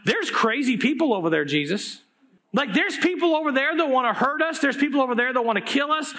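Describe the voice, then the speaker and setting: A man voicing a group of panicked male disciples, pleading and frantic with a rising pitch. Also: expressive, brisk, bright, forceful tone, heavily acted.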